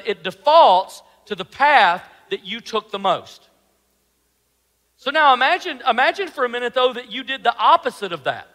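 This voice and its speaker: High-voiced, bright male preacher in a hall. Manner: animated preaching, rhetorical questions, drops to a soft low voice. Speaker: pastor. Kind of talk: sermon.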